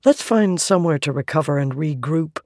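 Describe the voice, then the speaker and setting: A woman voicing an earnest, level-headed young man in a measured way. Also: deep voice, expressive, darkish tone, no room sound, clean studio sound.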